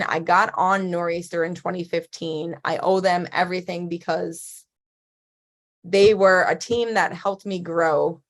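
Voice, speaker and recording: A woman in her thirties, a guest athlete in a casual interview, talking in a chatty way, with lots of "like" and frequent laughs. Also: lowish voice.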